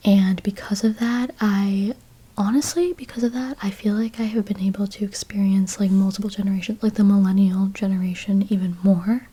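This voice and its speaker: A woman in her twenties, an ASMR YouTuber, whispers through a rambling chat video in role-play style, packed with fillers and "like"s. Her voice is mid-range and mellow with a breathy edge.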